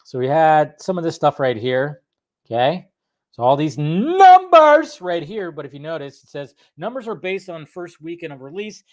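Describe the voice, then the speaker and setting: A man's voice: fairly high pitch, huge pitch swings, normal speed. Upbeat man greeting his live chat. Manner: greets chatters by name, rambling and jokey. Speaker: live stream host. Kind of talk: casual live stream chat.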